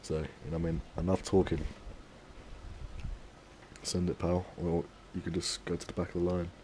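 A man's voice: sits low, little pitch movement, moderate pace, a little mellow, slight background noise. A young man streaming a fighting game, trash talking his viewers and daring them to wager. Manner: cocky trash talk to chat. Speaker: gaming streamer. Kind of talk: live game stream commentary.

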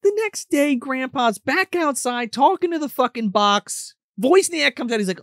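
A man's voice: very high voice, moderate pace, few pauses, dry recording, clean studio sound. A man co-hosting a casual, profane movie recap and acting out scenes as he goes. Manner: profane, animated, acts out scenes. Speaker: podcast co-host.

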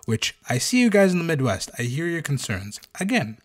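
A man co-hosting a casual podcast, telling fun facts in a storytelling way with animated bursts at the punchlines. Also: a little high, brisk. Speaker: podcast co-host.

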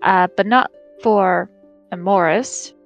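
A woman's voice: mid-range voice, slow pace, soft background music. A woman with a Canadian accent, introducing herself as a player on a game stream in a friendly, teasing way. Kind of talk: casual stream chat.

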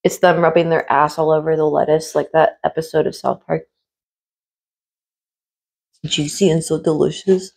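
A woman in a casual mukbang chat, eating and rambling in a hushed tone, full of fillers and the odd swear. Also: low-pitched, slightly rough. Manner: speaks in a hushed tone while eating. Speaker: food vlogger and streamer.

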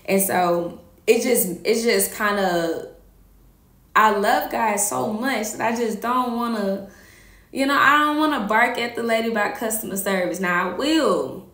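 A woman talking casually about faith as host, animated and slangy, laughing often. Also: fairly high pitch, a little slow, echoey room. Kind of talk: casual faith talk to camera.

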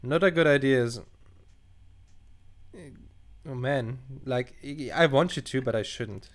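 A man's voice: medium pitch, slow. A young man, not a native English speaker, casually commenting on a game he plays, thinking aloud and swearing as he reacts. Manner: animated, swearing, thinking aloud while reading choices. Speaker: gaming channel host. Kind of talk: casual let's play commentary.

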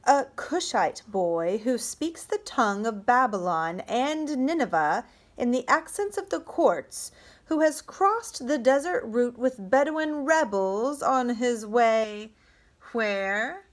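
A shrewd, indifferent king speaks in a flat, toneless way, probing his captive slowly, as a woman reads him aloud. Storybook reading, the voice pitched a little higher than the narration. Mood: pressing. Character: shrewd, indifferent middle-aged male king.

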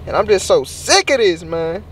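A man's voice: high-pitched, lively intonation, moderate pace, a little hiss or hum. A young man vlogging from his car, complaining in an overblown, melodramatic way. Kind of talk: casual vlog.

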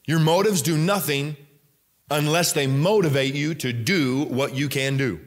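A man's voice: a little high, measured pace. A male pastor preaching a sermon in a church, emphatic and conversational, often questioning the congregation directly. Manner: frequent fillers and restarts, conversational.

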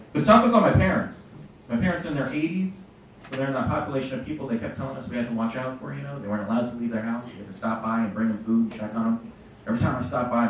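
A middle-aged man doing stand-up comedy, telling stories in a punchy, profane way. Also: medium pitch. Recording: echoey room, mic from far off.

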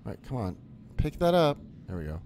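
A man's voice: mid-range voice, very animated, a little fast, darkish tone, a little hiss or hum. A man streaming a horror game, chatting casually to viewers, jokey and swearing as he plays. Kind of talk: casual live game commentary.

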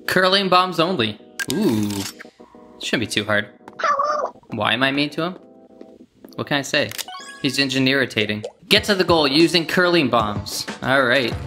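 A gaming video creator commentating their own play, reacting with yelps, groans and quick outbursts. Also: mid-range voice. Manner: excitable, yelps and groans at game events. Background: game music.

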